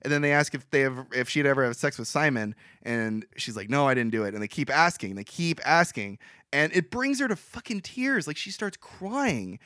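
A young man retells a film scene by scene in loose, rambling podcast chat, laughing easily. His voice sits a little high and leaps around in pitch. The sound is close and dry. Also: normal speed, dry recording. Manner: rambling, animated, laughs often. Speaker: podcast co-host recapping a movie. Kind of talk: casual chat.

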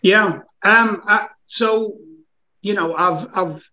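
A man with a Scottish accent softened by years in the States, an author and coach giving candid, wry interview answers. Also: high-pitched, slow, dull audio. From Scotland. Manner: relaxed, candid, wry storyteller. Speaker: author and coach, podcast guest.

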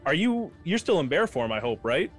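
A man narrating combat as game master in a loose, casual way, with fillers and restarts, counting dice out loud. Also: on the high side, sing-song, normal speed, soft background music.

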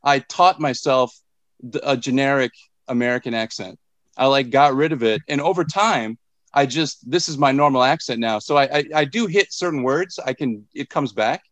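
Man, 40s, from Minnesota, casual podcast co-host, middle pitch, halting delivery, dry recording. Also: fairly bright tone, dry recording. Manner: halting, restarts often, curious questioning.

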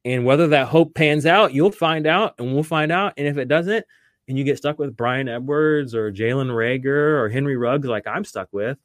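A man's voice: mid-range voice, normal speed, no echo, clean studio sound. A man hosting a fantasy football podcast, talking casually and animatedly, with lots of fillers and restarts. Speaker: podcast host.

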